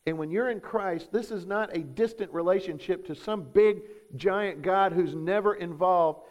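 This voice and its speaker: A man's voice: sits high, normal speed, a little mellow. A man, preaching a sermon as pastor, emphatic and full of rhetorical questions.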